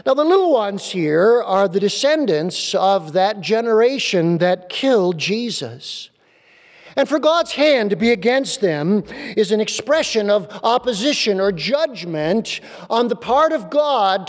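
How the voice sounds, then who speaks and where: A male pastor preaching a sermon in a church, emphatic and repeating key phrases slowly. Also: sits high. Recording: long reverb of a large hall.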